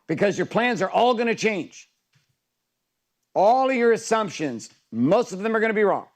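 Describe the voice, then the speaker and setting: A man's voice: sits high, lively intonation, moderate pace. A man coaching a group in an intense, emphatic motivational talk, swearing freely.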